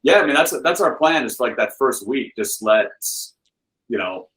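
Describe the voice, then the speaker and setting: A man guest on a podcast, telling stories in a rambling, animated way with many "like"s and "you know"s. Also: mid-range voice, normal speed, low-quality recording. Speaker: guest, film director and author. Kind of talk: casual podcast interview.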